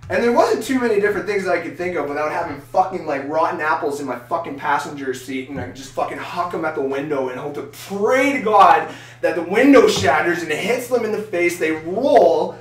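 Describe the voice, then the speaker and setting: Podcast co-host, male, high and animated, profane ranter, recorded off-mic in a roomy space. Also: fairly quick, distant mic. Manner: loud, swearing, excitable rants. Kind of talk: casual profane ranting chat. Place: small echoey room. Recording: echoey room, off-mic, faint noise.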